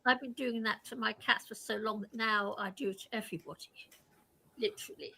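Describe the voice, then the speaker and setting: Raspy, bright older woman. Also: mid-range voice, a little fast. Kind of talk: casual chat.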